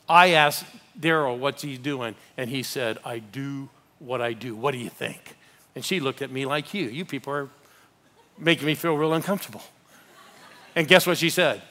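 An older man preaching a live sermon as a pastor, animated and rallying the congregation with call-outs. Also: a little high.

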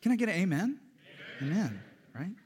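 A man preaching a sermon as pastor, animated and joking, with loud emphatic peaks. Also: high voice, quick pace, slightly rough. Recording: long hall reverb.

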